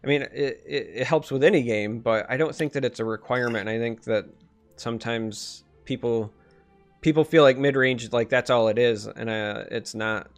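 A man's voice: medium pitch, moderate pace, soft background music. Man casually explaining on a stream. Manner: thinking aloud with many restarts and fillers. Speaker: streamer and podcast host. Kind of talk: casual podcast chat.

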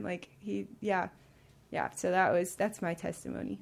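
A woman's voice: fairly low pitch, normal speed, creaky. A woman guest on a podcast sharing her personal faith testimony, rambling with many fillers and restarts, emotional and laughing through near tears.

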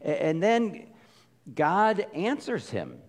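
A man preaching a sermon as a pastor, casual and conversational, with lively asides as he retells a story. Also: high voice, slow. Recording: long reverb of a large hall.

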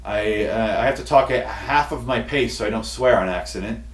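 A man hosting a comedy podcast, ranting in an exasperated, profane way, with his voice going hoarse. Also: lowish voice, moderate pace. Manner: exasperated, profane, building to shouty outbursts. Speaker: podcast host. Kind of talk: comedic rant. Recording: roomy echo, distant mic.

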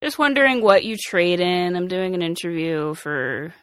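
A player in a tabletop game, talking in a casual, deadpan way. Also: mid-range voice, moderate pace, smooth, no echo.

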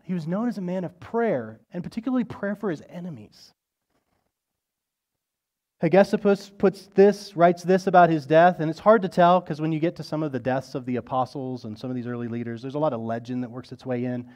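A male pastor preaching a sermon in a conversational storytelling manner, swelling louder on dramatic moments and dropping soft at the ends of phrases. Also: brisk. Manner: storytelling, rising in intensity on quoted lines, dropping low and soft at phrase ends; conversational, with restarts and asides.

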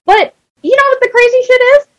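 A young woman co-hosting a podcast, telling stories in profane, animated casual chat. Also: very high voice, a little fast, no echo, rough recording. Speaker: podcast co-host.

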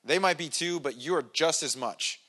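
A man's voice: fairly high pitch, a little slow, pushed and bright, breathy edge. A man preaching a casual, conversational sermon to his congregation, self-deprecating and full of restarts and acted-out quotes. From Irish family background. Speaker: pastor.

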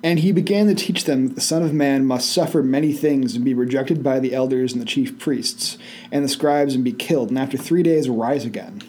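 A man co-hosting a casual Bible study in a library, reading verses aloud and adding relaxed, slangy asides. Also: mid-range voice, a little fast. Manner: laid-back, slangy asides. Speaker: co-host reading scripture aloud.

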